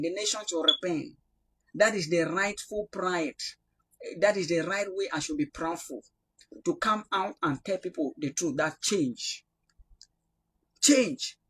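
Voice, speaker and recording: Cameroonian prophet guy, husky voice, fired-up preaching then soft praying. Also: high voice. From Northwest Cameroon. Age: young adult. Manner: impassioned, denouncing, swings between loud rebuke and quiet prayer. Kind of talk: prophetic sermon.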